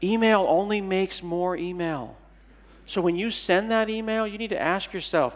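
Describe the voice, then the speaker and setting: A man's voice: sits high, moderate pace. Playful man speaking on a conference stage. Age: middle-aged. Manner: playful, jokey, acts out little dialogues. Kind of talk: comedic keynote talk. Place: large conference hall. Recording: long hall reverb.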